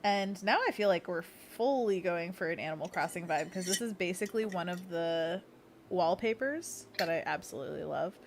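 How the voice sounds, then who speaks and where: A woman's voice: on the low side, moderate pace, a little hiss or hum. A young woman hosting a casual livestream, playful and giggly, leading hand stretches with silly monkey noises. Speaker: livestream host.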